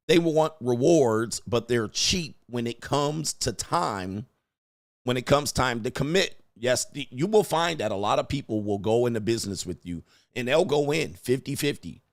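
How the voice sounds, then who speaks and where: A man's voice: medium pitch, lively intonation, normal speed, no room sound, clean studio sound. A man hosting a livestream, talking bluntly and crudely about business partners and laughing at his own jokes. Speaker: livestream host. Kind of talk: casual livestream rant.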